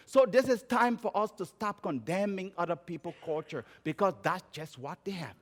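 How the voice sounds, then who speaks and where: A man from Liberia with a Liberian accent, preaching a sermon and telling stories, moving between emphatic raised phrases and quiet low ones. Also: moderate pace, hardly any pauses. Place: church sanctuary. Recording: church sanctuary with long reverb.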